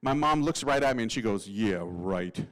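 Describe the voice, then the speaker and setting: A Catholic priest tells a funny testimony in lively slang, doing the voices of the people in his story. His voice sits mid-range and he talks fast, on a rough recording with slight background noise.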